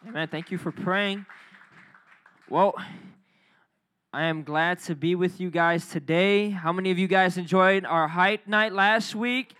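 Male youth pastor, bright high voice, energetic sermon with crowd call-outs. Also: unhurried, a little hiss or hum. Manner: energetic, calls for crowd responses. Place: church youth service.

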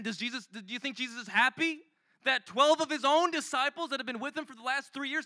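A man preaching a conversational, animated sermon full of rhetorical questions. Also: extremely high pitch, no room sound.

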